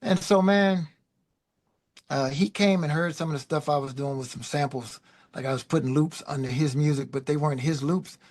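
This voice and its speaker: A middle-aged man, a guest musician, telling loose, animated stories in a casual chat. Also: a little high, moderate pace. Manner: animated, loose, peppered with "man" and "you know". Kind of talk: casual storytelling.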